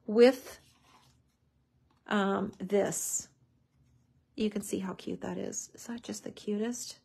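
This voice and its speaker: Woman doing a craft tutorial, kinda high husky voice, chatty and excited about everything. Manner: chatty, enthusiastic, lots of "so cute". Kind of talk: casual crafting demonstration.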